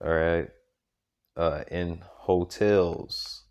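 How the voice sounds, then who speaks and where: Emphatic low-voiced man preaching. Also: fairly even intonation, very slow, a little mellow. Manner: emphatic, punctuates with "man" and "okay?"; repetitive, restarts sentences often. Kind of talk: informal preaching and scripture reading.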